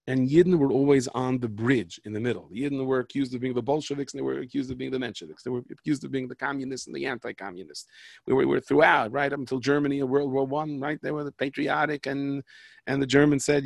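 Man, storyteller, rambling, conversational, raspy, dry sound. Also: mid-range voice, steady tone, fast talker, no echo. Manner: rambling, conversational, self-interrupting. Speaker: speaker, storyteller. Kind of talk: storytelling talk with jokes and parables.

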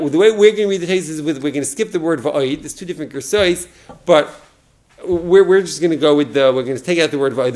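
A man's voice: fairly high pitch, darkish tone. A man teaching a Talmud lesson, explaining it step by step with rhetorical questions and frequent restarts. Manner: halting, restarts words.

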